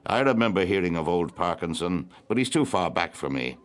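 A man's voice: sits low, sing-song, brisk. A man voicing an older man, a nostalgic opera lover who is familiar and stubborn in argument. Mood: defiant.

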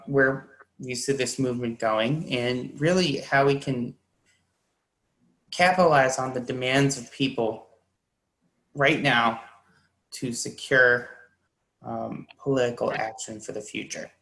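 A man's voice: medium pitch, creaky, fairly bright tone, low-quality recording. A man hosting a podcast, talking casually and hesitantly with many fillers. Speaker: podcast host.

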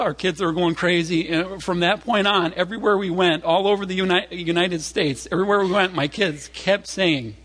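A man preaching a sermon through an animated personal story, acting out voices along the way, chatty and full of fillers and restarts. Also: high voice, moderate pace. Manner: animated, acts out voices in stories. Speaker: pastor.

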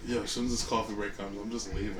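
A man co-hosting a podcast, telling a job story in relaxed casual chat with laughs. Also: on the low side, rapid-fire, roomy sound, distant mic, background noise. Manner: laid-back storytelling, laughs. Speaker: podcast co-host.

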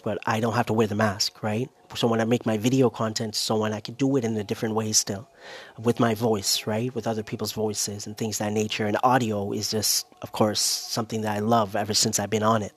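A man's voice: lowish voice, breathy edge. A man talking casually on his own as a content creator, rambling and tagging lines with "right?", a little short of breath. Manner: rambling, keeps adding "right?" and "you know". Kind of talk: casual solo monologue.

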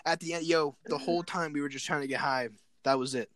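A young man casually telling a story, animated and excited, repeating words and acting out what people said. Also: fairly high pitch, fast, a crowd in the background.

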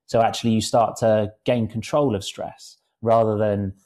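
A man's voice: lowish voice, steady tone, moderate pace, darkish tone. A man in casual podcast chat, talking reflectively and rambling with many fillers.

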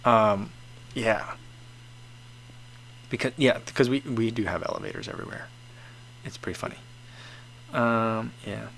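A man's voice: lowish voice, a little slow, creaky, pauses often, fairly bright tone, a little hiss or hum. A man from the United States hosting a live stream, chatting casually through viewer comments with many fillers, restarts and chuckles. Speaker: livestream host reading viewer comments. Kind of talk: casual chat.

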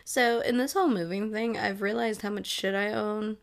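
A woman's voice: medium pitch, fairly even intonation, normal speed, gravelly. A young woman hosting a casual solo podcast from home, rambling, laughing often and swearing freely. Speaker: podcast host. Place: home room with air conditioner.

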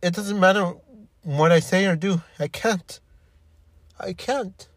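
A man in his fifties talking in an emotional monologue, halting and repeating himself, frustrated and upset. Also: sits high, no room sound. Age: 50s.

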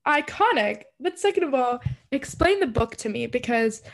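Woman podcast co-host, slightly high voice, curious and chatty. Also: animated, moderate pace, poor audio. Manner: chatty, asks curious follow-up questions. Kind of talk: casual chat.

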